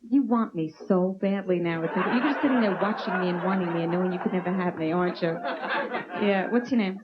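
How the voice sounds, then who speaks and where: A woman's voice: on the low side, fast talker. Brash woman stand-up, crowd work. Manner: brash, teasing the audience. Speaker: stand-up comedian. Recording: muffled old VHS tape with hiss.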